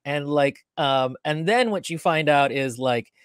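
A podcast co-host chatting casually about a book, talking in a lively, rambling way. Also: mid-range voice, measured pace, smooth, no room sound, studio quality. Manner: lively, chatty, full of fillers and restarts. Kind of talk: casual book-review chat.

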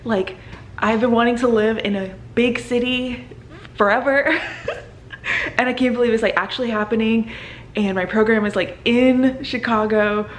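A young woman in her twenties, a medical student, talking casually to camera with lots of fillers and excited exclamations. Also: fairly high pitch, normal speed, slight background noise. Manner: excited and emotional, many fillers like "like" and "oh my God".

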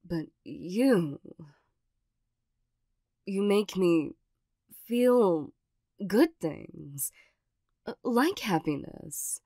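Woman voicing a flustered young girlfriend who talks tough but loves deeply, hesitant and a little low, for a slow whispered role-play. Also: big pitch swings, mellow, no echo, studio quality, heavily acted. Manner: hesitant and stammering, with nervous little laughs. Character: awkward tsundere young girlfriend, gruff but loving. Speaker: ASMR role-play performer.

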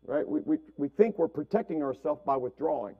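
A man's voice: fairly high pitch, expressive, brisk, narrow, tinny audio. A man preaching a conversational sermon as pastor, repeating words and checking in with "right?". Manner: asks "right?" constantly, repeats words, acts out family quotes.

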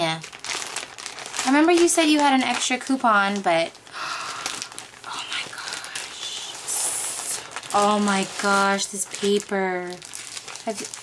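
Young woman, craft vlogger, gushing and hyper, mid-pitched voice, light background hiss. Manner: gushing, fast, over-caffeinated. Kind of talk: excited unboxing chat.

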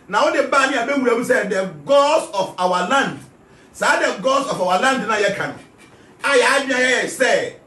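Ghanaian guy preaching hard, high voice, kinda far off in an echoey room. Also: sharp tone. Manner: emphatic, mixes English and Twi, repeats key phrases. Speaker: spiritual teacher. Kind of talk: impassioned spiritual talk.

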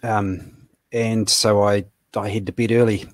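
A man with a New Zealand accent, a comic artist guest chatting casually over a video call, halting and self-deprecating, with many fillers. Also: lowish voice, steady tone, no room sound.

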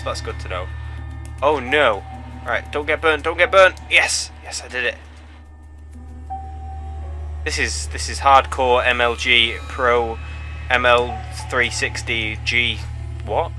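A man's voice: mid-range voice, takes it slowly, pauses often, soft background music. A young man giving let's play commentary, yelping and pleading with the game as he plays. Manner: excitable, yelps and pleads at the game. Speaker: gaming channel host.

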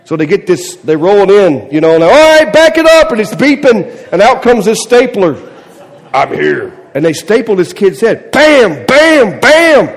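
A middle-aged man, a pastor, telling a story in a sermon with animated delivery, acting out voices, then easing into a soft, quiet prayer. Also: high voice, moderate pace, few pauses. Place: church sanctuary. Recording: long church reverb.

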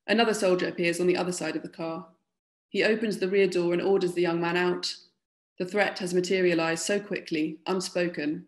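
A woman author from London, reading her own literary fiction aloud in a measured way. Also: lowish voice.

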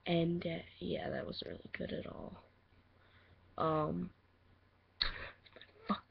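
Giggly rambly teen girl intro-ing her audition, gravelly voice, lo-fi mic. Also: on the low side, little pitch movement, slow. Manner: rambling, giggly, self-deprecating. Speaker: voice acting auditioner. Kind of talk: casual audition vlog. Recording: muffled lo-fi home mic.

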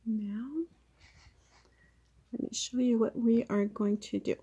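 Recorded very close on a camera mic, this plant grower walks through propagation in a relaxed demo, her hands working as she chats. Her mellow voice sits a little high and slightly rough, with a level tone and slow pace. She comes across as talkative yet hesitant.

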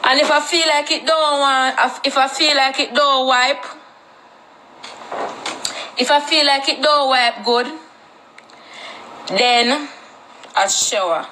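A fairly high-pitched woman with a Jamaican accent, rambling in loose, repetitive livestream chat full of Patois. A faint hiss of background noise sits under her voice. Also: slow, long pauses, sharp tone.

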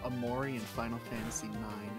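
A man's voice: medium pitch, little pitch movement, a little fast, faint music behind. A young man on a voice call, chatting casually about games, joking and swearing, often restarting his sentences. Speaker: friend in voice call. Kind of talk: casual gaming chat.

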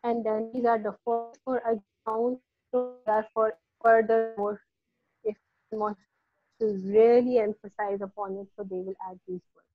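A woman teaching an online Arabic grammar class, explaining patiently with many pauses. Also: on the high side, level tone, faint music behind. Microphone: video call. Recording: dull lo-fi online call audio.

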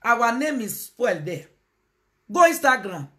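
A Nigerian woman hosting a live phone stream, her pitch jumping high and low as she talks. She calls out to viewers and drifts into Pidgin. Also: very animated, a little slow. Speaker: live video host. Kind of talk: casual live-stream talk.

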